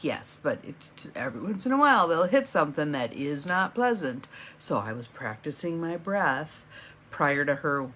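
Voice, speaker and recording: Lower-voiced woman coaching a live morning stream. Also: a little hiss or hum. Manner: warm encouraging, chatty, greets viewers by name. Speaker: empowerment coach hosting a live morning session. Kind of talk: live-stream talk greeting viewers.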